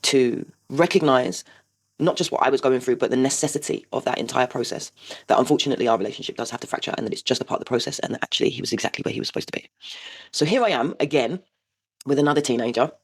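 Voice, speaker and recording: A woman's voice: rumbling low, quick pace, slightly rough. A woman, hosting a casual vlog and telling blunt, sweary stories about parenting. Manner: blunt storytelling with frequent swearing. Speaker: vlogger host.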